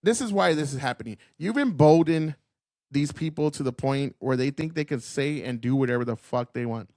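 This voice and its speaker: A man's voice: mid-range voice, brisk, a little mellow, no room sound, clean studio sound. A man hosting a political commentary stream, ranting in an angry, profane, combative way.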